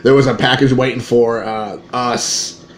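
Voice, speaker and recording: In an echoey room with a faint hum of ambient noise, a card-collecting vlogger tells a loose story to camera. He's excitable and rambling, restarting often and leaning on fillers, yet speaks a little slowly in a medium-pitched voice.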